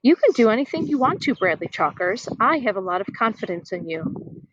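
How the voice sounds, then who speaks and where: A woman voicing a kind, encouraging young schoolgirl in a read-aloud storybook, gentle and warm-hearted. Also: fairly high pitch, very animated, fairly quick, breathy edge, lo-fi sound.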